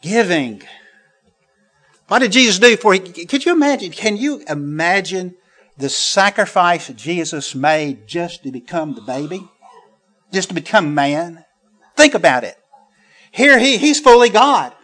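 Bright high-voiced male preacher. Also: expressive, measured pace. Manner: emphatic, swings between loud quoting and quiet asides. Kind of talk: sermon.

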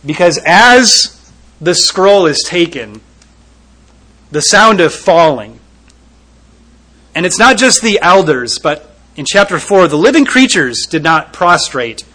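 A man preaching a sermon, retelling a scripture scene vividly and rising to loud emphasis at its peaks. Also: fairly high pitch, low-quality recording.

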